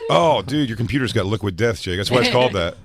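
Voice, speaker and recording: Male co-host, animated pitch, dark deadpan quips. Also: quick pace, a crowd in the background. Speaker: podcast co-host. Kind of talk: casual banter.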